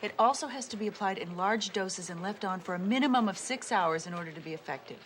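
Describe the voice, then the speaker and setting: A woman's voice: mid-range voice, quick pace, slight background noise, lightly acted. An actress playing an earnest, bookish female police detective with a precise way of talking. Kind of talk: 1980s sitcom acting.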